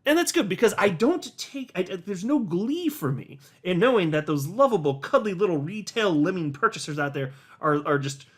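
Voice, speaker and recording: A man giving casual, animated commentary as a hobby YouTuber, with sarcastic asides and little rants. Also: high voice, moderate pace, hardly any pauses. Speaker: crypto YouTuber.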